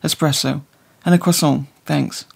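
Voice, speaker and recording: A man's voice: fairly high pitch, fairly even intonation, normal speed, vocal fry. A man voicing a tired, guarded young blind woman who answers curtly and defensively. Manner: curt, defensive.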